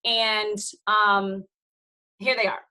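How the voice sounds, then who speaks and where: Team leader, woman in her thirties, rousing video-call pep talk with a bright, ringing voice. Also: mid-range voice, little pitch movement, very slow, poor audio. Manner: emphatic, preachy, chatty, with "you guys" and "okay?".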